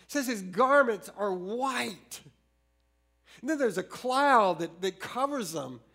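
A middle-aged man preaching a sermon, earnest, often restarting his phrases and moving between slow emphasis and quick storytelling. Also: very high-pitched, expressive, pushed and bright. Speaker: pastor.

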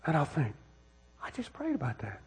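A high-pitched American man preaches in a church through a worn microphone, his voice husky. His delivery swings widely in pitch as he asks the congregation question after question and circles back over his own phrases. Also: wildly swooping pitch, normal speed, a little mellow. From United States. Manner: conversational preaching with frequent rhetorical questions and repetitions. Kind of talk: sermon. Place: church sanctuary. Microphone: wireless microphone worn on body.

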